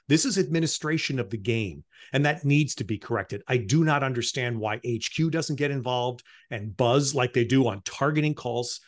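A man hosting a sports talk show, making firm, emphatic points about game broadcasting and officiating. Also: medium pitch. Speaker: sports broadcaster and podcast host.

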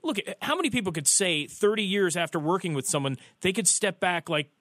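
A man with a fairly high voice hosts a radio talk show, eagerly leading his guest with questions. His voice is recorded dry, close to the mic in a booth. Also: lively intonation, fairly quick, a bit bright, no echo. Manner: enthusiastic, asks leading questions. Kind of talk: radio interview.

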